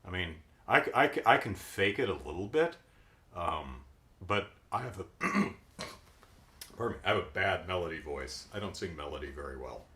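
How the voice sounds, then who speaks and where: A middle-aged man with a deep voice, hosting a casual, keyed-up reaction commentary on a cartoon. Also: moderate pace, reverberant. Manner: animated, keyed-up, jumps into silly voices. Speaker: podcast host.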